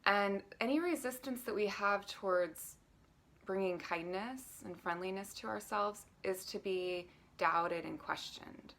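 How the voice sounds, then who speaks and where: A woman coaching on self-love in a live stream, calmly leading breathing and speaking in a gentle, guiding way that sometimes drops to a near whisper. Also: mid-range voice, a little slow, vocal fry, a little hiss or hum.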